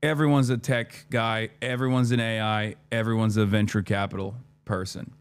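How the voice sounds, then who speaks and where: A man's voice: lowish voice, normal speed, clean tone. A man in his thirties, a streamer, casually telling a story, swearing often and acting out his own lines of dialogue. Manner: profane, animated, acts out his own dialogue.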